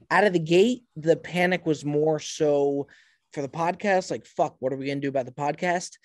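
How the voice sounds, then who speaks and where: Male podcast host, emphatic, repeats himself, cuts in; slightly high voice, dry close sound. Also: a little mellow, no echo. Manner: emphatic, talks over others, repeats himself. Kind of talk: casual podcast banter.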